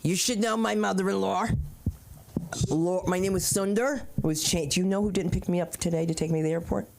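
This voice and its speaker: A woman hosting an open mic comedy night, doing stand-up bits and banter between acts in an animated way. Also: on the low side, brisk, vocal fry, slight background noise.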